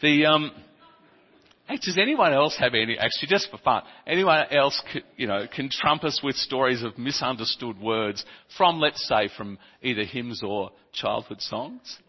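A man preaching a sermon, telling funny childhood stories with some stumbles and speaking softly in the reflective passages. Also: mid-range voice, normal speed. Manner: humorous, animated storytelling with stumbles. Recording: dull, reverberant hall recording.

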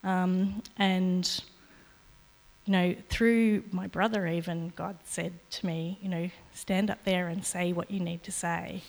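A woman sharing a halting personal testimony with a congregation in a church, with frequent fillers. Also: lowish voice, steady tone, gravelly. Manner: halting, soft, many fillers. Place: church hall. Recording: reverberant church hall.

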